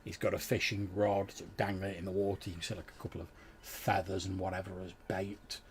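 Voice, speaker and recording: A man's voice: low-pitched, level tone, brisk, a little hiss or hum. A man narrating a tabletop game as game master, describing scenes in a rambling way with many fillers.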